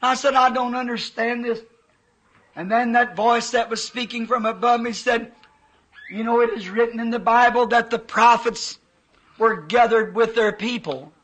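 A man's voice: very high-pitched, steady tone, moderate pace, a bit bright, poor audio. A man preaching a sermon, telling a vision with emotional, fervent quoted dialogue.

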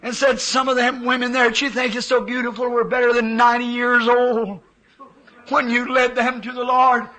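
A man's voice: extremely high pitch, level tone, normal speed, sharp tone, low-quality recording. A man preaching a sermon, telling a vision with emotional, fervent quoted dialogue.

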